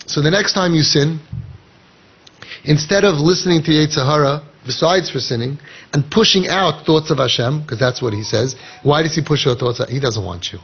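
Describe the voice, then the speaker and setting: A man giving an animated Torah lecture in English, mixing in Hebrew and Yiddish phrases and acting out people's inner voices. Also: on the high side, normal speed, breathy edge. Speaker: rabbi. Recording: dull lo-fi podcast audio.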